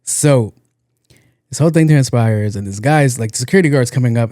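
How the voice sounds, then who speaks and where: A young man hosting a podcast, telling a story in a loose, animated way, acting out the people in it and laughing along. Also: medium pitch, fast, dry recording, clean studio sound. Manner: animated, acts out quotes, laughs at own story. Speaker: podcast host. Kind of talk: casual comedic storytelling.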